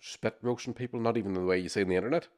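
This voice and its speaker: A man co-hosting a podcast, telling animated, sweary anecdotes with acted-out quotes. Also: on the low side, racing. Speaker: podcast co-host. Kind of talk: casual storytelling chat.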